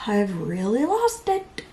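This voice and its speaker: A talkative woman doing her makeup and chatting away to her viewers, joking at her own expense as she goes. Her pitch leaps up and down as she talks. A faint background hum sits under her voice. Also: wildly swooping pitch, drawn-out words. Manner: rambling, self-mocking, breaks into playful voices and laughs. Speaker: beauty vlogger. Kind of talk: chatty get-ready-with-me vlog.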